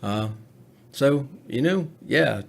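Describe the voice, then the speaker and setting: A man speaking as a podcast guest in casual chat, candid and self-deprecating, with halting restarts. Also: mid-range voice, lively intonation, vocal fry.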